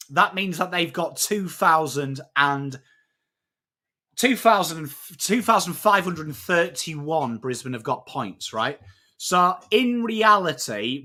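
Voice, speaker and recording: An English man hosting a live footy stream, chatting matily with viewers and breaking down trades, swearing now and then. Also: a little high. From England. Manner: matey, excitable, swears freely, greets chat by name. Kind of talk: casual live-stream chat and trade analysis.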